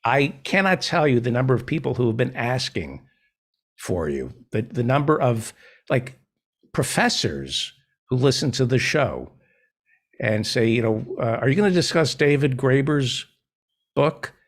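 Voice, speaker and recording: A man's voice: medium pitch, very animated, a little slow. A man hosting a podcast, introducing his guest and chatting casually with small stumbles. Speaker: podcast host. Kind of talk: casual interview chat.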